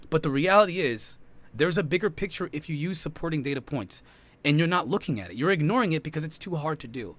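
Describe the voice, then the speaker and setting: A man's voice: on the high side, sing-song, fairly bright tone. A man hosting a podcast, arguing heatedly and repeating his points, with a British accent. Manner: fast, insistent, repeats himself. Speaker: podcast host. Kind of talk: heated debate.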